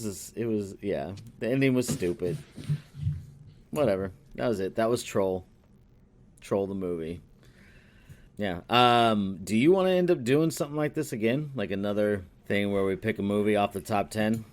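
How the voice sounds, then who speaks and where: Male co-host, low-pitched, casual and profane, animated then mumbling. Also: normal speed. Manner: profane, rambling and animated, with sudden drops to a mutter. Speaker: podcast co-host. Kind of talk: casual chat, recapping a movie.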